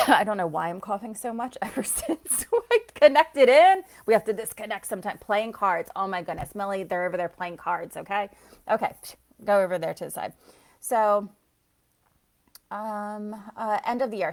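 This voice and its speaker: A woman psychic reader chatting loosely on a live stream, rambling from thought to thought, laughing often and answering viewers by name. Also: medium pitch. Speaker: psychic reader and soul coach. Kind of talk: casual live-stream chat.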